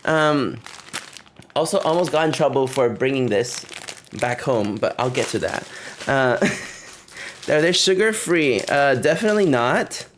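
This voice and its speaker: A chatty young man talking to his stream audience in an easygoing, rambling way, sprinkling in fillers and breaking into giggles often. His voice sits at an ordinary middle pitch for a man. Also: expressive, takes it slowly, pauses often, a little hiss or hum. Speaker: livestreamer. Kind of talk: casual livestream chat.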